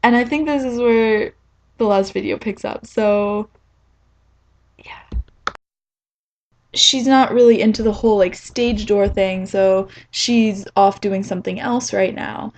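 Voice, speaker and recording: An eighteen-year-old woman from New Jersey telling a rambling, excitable story to camera, full of "like.". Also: medium pitch, slow pace, pauses often, low-quality recording. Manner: rambling and excitable, fillers like "like" everywhere. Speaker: vlogger.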